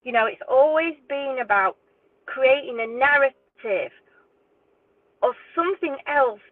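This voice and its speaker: A woman's voice: sits high, expressive, unhurried, no room sound. Indignant woman, tinny phone-like sound. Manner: indignant, swearing, exasperated. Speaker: true crime YouTuber. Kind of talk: angry direct-to-camera rant. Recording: tinny phone-like dry audio.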